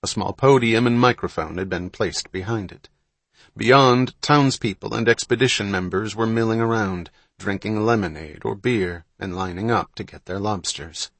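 A man reading a novel aloud as a measured, even audiobook narrator. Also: lowish voice, vocal fry, dry recording. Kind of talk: scripted narration.

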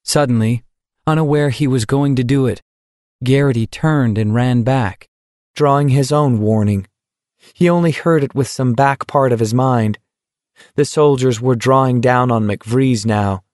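A man narrating an audiobook with a steady, measured reading. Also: medium pitch, dry recording, clean studio sound. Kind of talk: scripted narration.

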